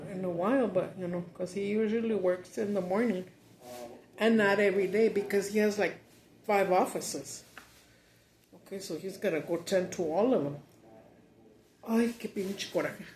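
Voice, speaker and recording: A woman's voice: medium pitch, normal speed, long pauses, darkish tone. A middle-aged woman chatting casually while eating, cussing in frustration and mixing Spanish with English. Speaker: mukbang vlogger. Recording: roomy echo.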